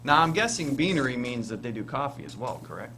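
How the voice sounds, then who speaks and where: A man co-hosting a local TV talk show, wry and quick with jokes. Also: medium pitch, sing-song, bright, forceful tone, soft background music. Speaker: co-host. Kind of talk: casual chat. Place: local TV studio.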